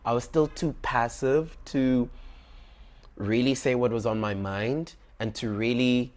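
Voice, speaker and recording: A young man, telling a personal story in an animated, dramatic way and acting out his own dialogue. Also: mid-range voice, unhurried. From South Africa.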